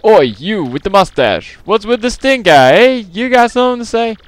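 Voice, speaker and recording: A brash dockside sailor , as a man puts him on, with a mock British accent that slides toward Australian and a "mate" tacked onto his lines. The voice sits raised and loud, and the tone stays smooth and clear. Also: high-pitched, very animated, normal speed, dry recording, voice pushed up. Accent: mock British, drifting toward Australian. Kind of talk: let's play voice reading.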